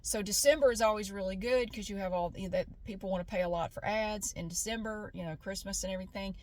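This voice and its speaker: A woman's voice: mid-range voice, fairly even intonation, fast talker, slight background noise. A middle-aged woman vlogger talking casually to camera, candid and thinking aloud, often repeating herself. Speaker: YouTube creator.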